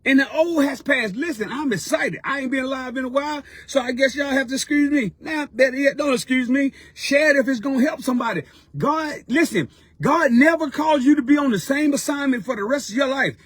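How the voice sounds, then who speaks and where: A man's voice: very high voice, brisk, a bit bright, no room sound. A man giving a fervent, preaching-style motivational talk as a mentor, repeating his points in a colloquial way. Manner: fervent, repetitive, colloquial exhortation.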